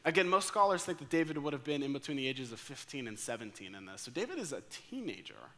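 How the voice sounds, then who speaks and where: An American man preaching a sermon, telling a story with lively acted-out quotes. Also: medium pitch, fast. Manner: energetic storyteller acting out quoted lines. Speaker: pastor.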